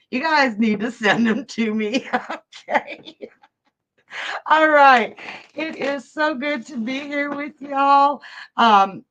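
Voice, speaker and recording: A woman's voice: a little high, a bit bright, muffled recording. A woman hosting a live psychic reading stream, chatty and upbeat, greeting viewers and reading their chat messages aloud.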